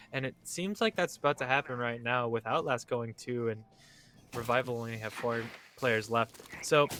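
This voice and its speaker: A man doing colour commentary on an esports match, chatty and tired, quick to laugh and apologize. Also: mid-range voice, fairly bright tone, slight background noise. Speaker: esports co-caster.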